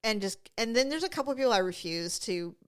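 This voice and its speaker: A woman co-hosting a casual podcast, her voice sitting a touch high. She tells stories with energy and acts out the quoted lines as she goes. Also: fast talker, clean tone. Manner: animated storyteller who acts out quoted dialogue. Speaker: podcast co-host. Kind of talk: casual chat.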